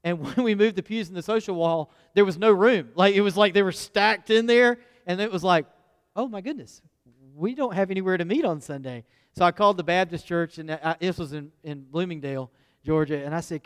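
A pastor preaches a conversational, folksy sermon in a church sanctuary, often putting questions to the congregation. His voice is high-pitched and clean at a normal speed, with long church hall reverb.

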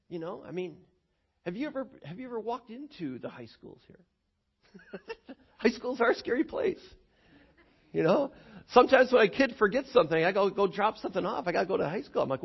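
High-voiced, animated male preacher. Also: brisk, creaky, husky. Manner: animated storytelling with many repeated words. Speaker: pastor. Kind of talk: sermon. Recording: dull lo-fi recording.

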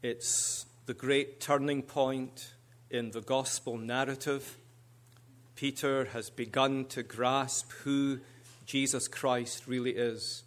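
Slow, measured male preacher. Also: medium pitch, fairly even intonation, a bit bright. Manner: measured, deliberate phrasing in short spoken phrases. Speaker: guest preacher. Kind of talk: sermon.

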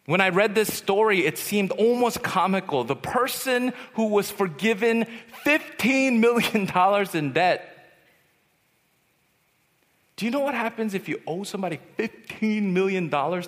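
A young man preaching at a youth retreat, telling personal stories and acting out the voices in them. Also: high-pitched. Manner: animated storyteller, acts out voices. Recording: long hall reverb.

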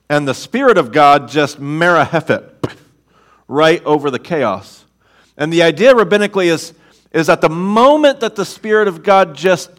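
A man preaching a sermon as a guest speaker on a church stage, playful and animated, calling on the congregation to repeat words. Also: fairly high pitch. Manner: playful, animated, audience call-and-response.

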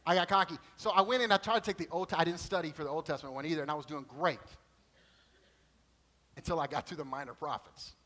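Bright-voiced animated male preacher. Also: a little high, quick pace, low-quality recording. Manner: animated storytelling with quoted voices. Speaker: pastor. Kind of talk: sermon.

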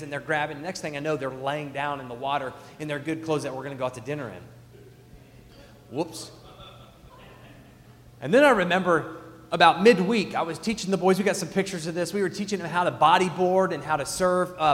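A man in his thirties preaching a sermon as a pastor, telling stories with big swings from loud to hushed. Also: on the high side. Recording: echoey hall.

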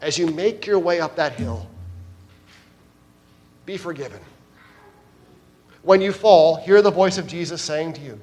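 A man's voice: on the high side, unhurried, pauses often, darkish tone. A man preaching a sermon as pastor at a church service, addressing the congregation directly and earnestly.

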